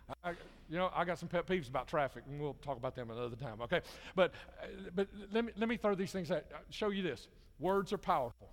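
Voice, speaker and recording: A man preaching a sermon as pastor, talking casually to the congregation and building up to emphatic, repeated calls. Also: high-pitched. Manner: conversational, rising to emphatic repetition. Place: church hall. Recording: long hall reverb.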